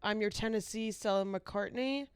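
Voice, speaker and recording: A young adult woman co-hosting a podcast, chatting casually and quickly agreeing with her partner. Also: medium pitch, smooth, dry recording. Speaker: podcast co-host. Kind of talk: casual chat.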